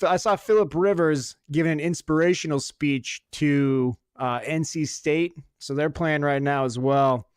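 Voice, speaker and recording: A man with a smooth, resonant voice trades football picks in loose, joking podcast talk. He swears freely and drifts into long anecdotes. The sound is dry and close, with no room around it. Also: fairly high pitch, no room sound. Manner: profane, joking, storytelling. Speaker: podcast co-host. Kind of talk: casual sports chat.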